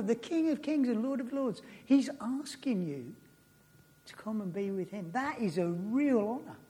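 A man preaching in a loose, chatty way. His voice sits fairly high but sounds mellow and a little husky. He reads scripture aloud and keeps breaking off to comment. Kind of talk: informal Bible teaching.

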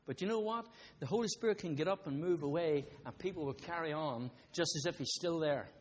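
Male preacher, talks to the room conversationally, builds to emphatic peaks, voice on the higher side. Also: fairly quick, big-room sound, a little hiss or hum. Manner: conversational, rising to emphatic bursts, asides to the congregation. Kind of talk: sermon with a told story.

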